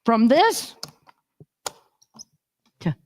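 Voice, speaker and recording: A woman minister delivers a sermon in a church sanctuary with a slightly high voice and drawn-out words. Her storytelling is lively, and she performs the voices of each character.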